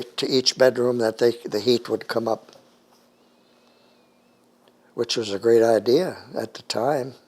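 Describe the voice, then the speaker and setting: An older American man recalls his childhood in an oral history interview, speaking haltingly with lots of fillers. His voice is mid-range and a little mellow.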